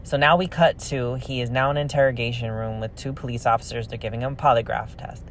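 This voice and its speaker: A man tells a true crime story in a loose, chatty way. He sounds opinionated and animated, and his voice sits in a middle range. A faint hum of ambience sits behind him. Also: medium pitch. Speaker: card-opening vlogger telling a true crime story. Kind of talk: casual storytelling narration.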